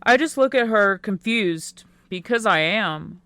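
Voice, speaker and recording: A woman narrating a first-person teen romance audiobook in a quiet, unhurried way. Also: medium pitch, animated, clean tone, no echo.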